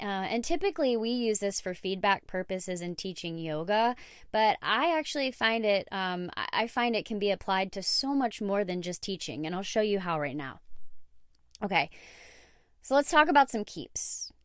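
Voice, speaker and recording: A woman talking straight to her listeners in a relaxed solo podcast, chatty and candid, throwing in fillers and the occasional swear. Her voice is smooth and clear, recorded close and dry with no room sound. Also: mid-range voice, no echo. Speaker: podcast host. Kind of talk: casual solo podcast talk.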